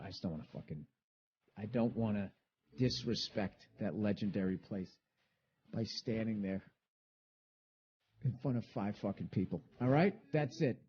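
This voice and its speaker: A man's voice: on the low side, a little hiss or hum. A middle-aged man hosting a podcast, delivering a profane, heated, rambling comedic rant. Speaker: podcast host. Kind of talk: ranting comedic monologue. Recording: dull lo-fi recording.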